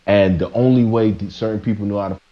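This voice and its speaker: A man's voice: fairly low pitch, steady tone, fast, muffled recording. A man streaming live, ranting preachily to his chat, stumbling and restarting as he presses his points. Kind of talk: casual rant to a live chat.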